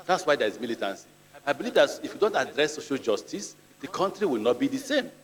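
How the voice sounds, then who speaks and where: A middle-aged Nigerian man speaks at a formal hearing, measured and deliberate, and often drifts into personal stories. His voice sits at an ordinary pitch for a man. A large chamber gives it a long, trailing reverb. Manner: deliberate, measured, with storytelling asides. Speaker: ministerial nominee before a senate. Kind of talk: answering questions at a formal hearing.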